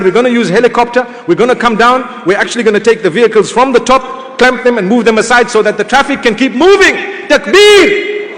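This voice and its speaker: A middle-aged preacher with a fairly high voice tells a personal story in a lively, humorous way. His voice rings out with a long reverb, as if it is filling a lecture hall. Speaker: Islamic preacher. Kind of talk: sermon told as a personal anecdote.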